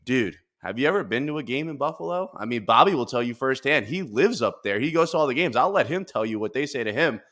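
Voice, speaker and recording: A man hosting a casual podcast, talking in animated, profane rants with bursts of laughter. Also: medium pitch, fast talker, hardly any pauses. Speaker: podcast host.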